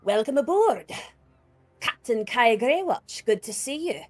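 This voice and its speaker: A woman voicing a raspy female ship captain who greets passengers aboard her vessel. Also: a little high, very animated, measured pace, voice pushed up. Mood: welcoming.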